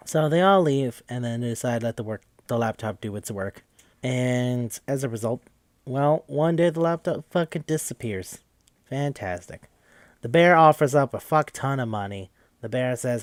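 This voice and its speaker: A young man casually recapping a video game for a podcast, rambling, swearing freely and tossing in quick mocking quotes of the characters. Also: medium pitch, dry recording. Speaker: podcast host.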